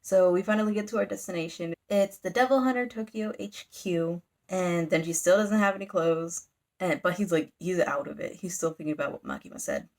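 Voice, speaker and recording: Fairly low in pitch and a little mellow, this young woman speaks a bit fast as she reviews manga on her YouTube channel. Chatty and rambling, she sums up a volume with lots of "like," pausing now and then to dramatize the characters' lines.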